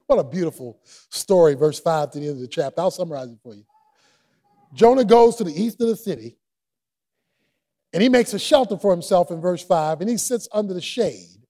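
High, animated preacher swinging loud to soft. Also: male voice. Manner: lively, humorous, with sudden shouts and drops to near a murmur; casual vernacular grammar. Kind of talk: sermon.

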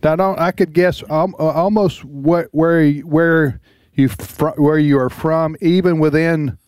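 A man's voice: on the high side, steady tone, measured pace, a little mellow, clean tone, dry recording. A man hosting a radio talk show in a studio, chatting and wandering off topic, laughing easily.

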